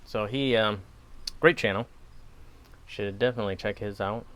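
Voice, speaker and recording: On his pipe-smoking channel, a man with a Wisconsin accent chats casually, drifting onto tangents and laughing at himself. His voice is on the low side and a bit bright, with fairly even intonation at a moderate pace.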